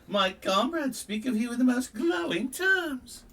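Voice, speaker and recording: A man putting on a high, exaggerated sing-song voice to read a flattering game officer's lines. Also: unhurried, recorded from a distance, exaggerated voice. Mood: gushing. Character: gushing flattering officer in falsetto.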